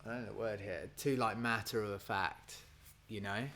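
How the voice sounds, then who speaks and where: A man's voice: fairly low pitch, fairly even intonation, normal speed, background noise. A man talking casually while writing a song, thinking aloud, trailing off and trying lines under his breath. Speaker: singer-songwriter streaming a songwriting session.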